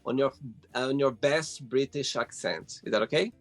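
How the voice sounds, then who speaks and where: A man's voice: medium pitch, moderate pace, soft background music. A man hosting a casual interview, asking questions with frequent hesitations and fillers. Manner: hesitant, filler-heavy phrasing. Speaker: host.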